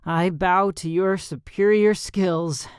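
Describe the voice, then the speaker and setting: A man's voice: fairly high pitch, very animated, a little slow, no echo, clean studio sound, pitched above the performer's own voice. A man voicing a cocky, wisecracking teenage boy in an audiobook. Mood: joking.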